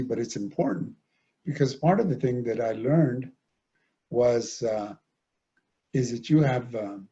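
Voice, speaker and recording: An older man, a guest speaker, telling personal stories in an animated way with many fillers. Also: medium pitch, breathy edge. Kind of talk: storytelling talk. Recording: dull lo-fi recording.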